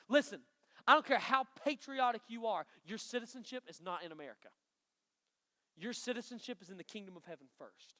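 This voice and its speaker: A man preaching a lively youth sermon from a stage, emphatic and joking with the students. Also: high voice, a little fast. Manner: energetic, emphatic, bantering with the audience. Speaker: youth pastor. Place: stage in a large hall before a student crowd. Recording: long hall reverb.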